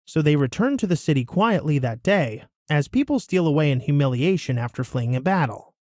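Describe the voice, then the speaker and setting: Man reading scripture, lively voice. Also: a little high, brisk, dry recording, clean studio sound. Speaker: scripture reader.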